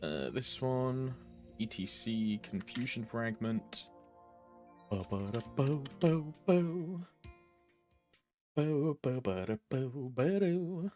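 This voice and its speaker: A man's voice: fairly low pitch, expressive, slow pace, soft background music. A man streaming a game live, chatting casually, joking, swearing and scat-humming to himself.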